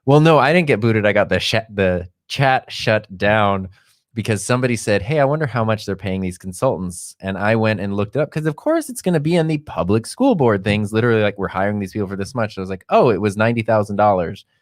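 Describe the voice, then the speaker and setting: A man's voice: on the low side, animated, fast talker, no echo, clean studio sound. A man co-hosting a casual podcast, a teacher who chats loosely and laughs often at his own stories. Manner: laughs often, chatty and self-deprecating. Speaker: podcast co-host. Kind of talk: casual chat.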